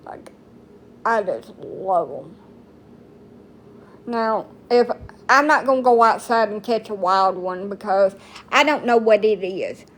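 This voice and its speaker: Slow-talking blunt woman, casual rambling chat. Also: medium pitch, slight background noise. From United States. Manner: blunt, rambling, folksy slang. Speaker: TikTok streamer.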